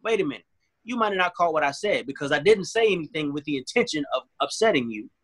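A man's voice: on the high side, lively intonation, quick pace. A man talking earnestly and emphatically in a casual chat, repeating his points. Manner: earnest, emphatic, repeats phrases, acts out both sides of arguments.

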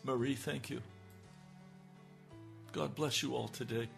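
A man's voice: medium pitch, fairly even intonation, takes it slowly, gravelly, faint music behind. A man preaching on the radio, praying fervently with rising, pleading cries. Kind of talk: impassioned radio prayer.

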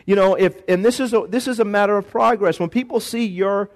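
A man pastor preaching a lively sermon in a church, acting out voices and calling for responses from the congregation. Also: high-pitched, fairly quick. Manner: animated preaching, acts out voices, call-and-response.

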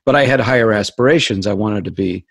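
Playful actor guest. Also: male voice, fairly low pitch, fast talker, vocal fry, slightly rough, no echo. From Hollywood, United States. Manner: playful, jokey. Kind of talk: casual interview chat.

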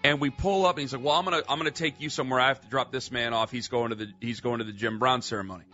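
A man telling a story on a radio show, lively and acting out what people said. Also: medium pitch, racing, lo-fi sound, soft background music. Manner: animated storyteller, acts out quotes. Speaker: radio contributor.

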